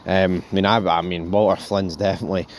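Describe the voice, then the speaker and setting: A man's voice: deep voice, fast talker, slight background noise. Rambling man reviewing a show. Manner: rambling, animated, swears freely, addresses viewers as folks. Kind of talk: casual spoken review.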